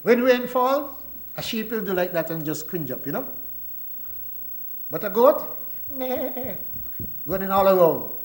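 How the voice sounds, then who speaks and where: A man's voice: high voice, lively intonation, moderate pace, long pauses. A man with a Kittitian accent giving a folksy, teasing parliamentary budget speech as a government minister. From Saint Kitts and Nevis. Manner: folksy, teasing, joking with colleagues. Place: parliament chamber. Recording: roomy echoing chamber.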